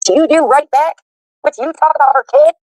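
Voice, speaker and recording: A woman rants fast with indignant profanity. Her voice sits fairly high. The sound is dry. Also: darkish tone, no echo. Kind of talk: angry recorded rant.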